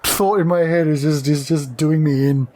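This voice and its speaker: A man's voice: on the high side, fairly even intonation, normal speed, noisy background. Giggly man rambling as a player. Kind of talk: casual chat.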